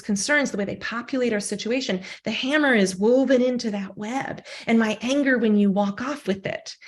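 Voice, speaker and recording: A woman lecturing on philosophy in a measured academic style, often adding "um" and a rhetorical "right?". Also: on the high side.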